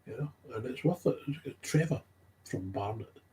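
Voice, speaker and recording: A warm, animated man at medium pitch speaks unhurriedly, with slight background noise in the recording. His unscripted monologue recalls recovery work, and he gets agitated, repeating key phrases for emphasis.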